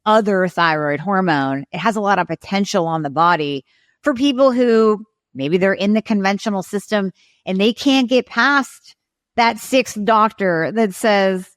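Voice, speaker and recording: A woman guest expert on a podcast interview, explaining clearly and acting out little patient and doctor exchanges. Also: medium pitch, moderate pace, no echo, clean studio sound.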